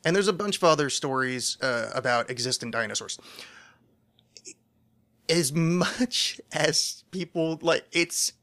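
A man's voice: a little high, animated, unhurried, bright, forceful tone. A man hosting a casual solo podcast, rambling in a loose, profane, self-deprecating way. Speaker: podcast host.

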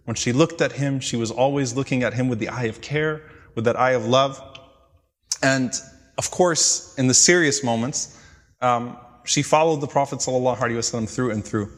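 Guy giving a religious talk, earnest storytelling, kinda stops and restarts, mid-pitched voice ringing around a big hall. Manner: earnest, explanatory retelling with frequent pauses and restarts. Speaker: religious lecturer. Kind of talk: storytelling lecture. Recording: long hall reverb.

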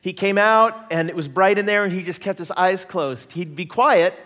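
A middle-aged man preaching, telling personal stories in an animated way, laughing and acting out the voices he quotes. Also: high voice, moderate pace. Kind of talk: sermon storytelling. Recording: long hall reverb.

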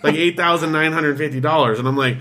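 His voice sits on the high side, pushed and bright. Talking casually, the man rattles off an animated story, doing impressions of everyone involved, his quick delivery thick with "like" fillers.

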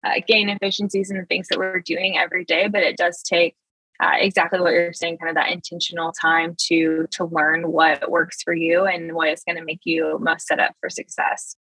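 Eager woman guest, bright forceful tone, chatty with fillers. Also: on the low side, flat delivery, moderate pace, breathy edge, no room sound, rough recording. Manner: enthusiastic, many fillers and restarts. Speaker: marketing executive, guest. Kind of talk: conversational interview.

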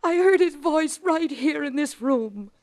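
A grief-stricken widow speaks in a high, trembling voice, stammering as if close to tears. The sound is close and dry, in the manner of a 1940s radio mystery. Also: female voice, animated, measured pace, darkish tone, no echo. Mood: shaken. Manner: stammering, tearful, near hysteria. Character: grieving widowed mother, hysterical and fragile.

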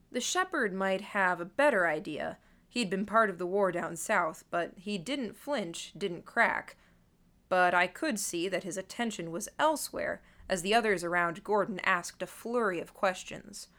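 A woman's voice: on the low side, fairly bright tone. A woman reading a first-person audiobook in a dry, wry storytelling manner. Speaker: narrator.

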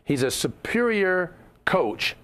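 A man's voice: high voice, very animated, slow, fairly bright tone. Upbeat Southern man co-hosting. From Mississippi. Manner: upbeat, promotional. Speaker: podcast co-host. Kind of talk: casual chat.

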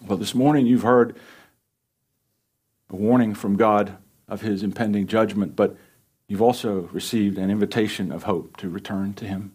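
A man's voice: on the low side, fairly even intonation, moderate pace, a little mellow, slightly rough. A male pastor preaching an earnest, pleading sermon and closing it in prayer.

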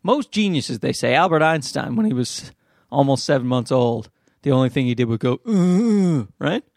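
A young adult man hosting a casual solo podcast at home, rambling and joking with animated asides, holding the mic close. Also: medium pitch, brisk, gravelly, dry recording. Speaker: podcast host. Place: at home with a baby. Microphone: handheld mic held close.

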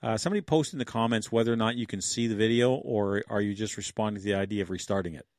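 A man's voice: on the low side, fast talker, darkish tone, no room sound, studio quality. A man in his sixties from Canada, hosting a casual livestream, rambling, chuckling and thinking aloud as he talks to his viewers. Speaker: livestream host.

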